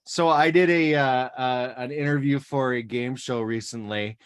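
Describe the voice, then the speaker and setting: A podcast co-host from South Dakota, with a Midwestern American accent, chats casually, laughing and restarting her sentences often. Her bass voice is clean in tone, with fairly even intonation and a moderate pace.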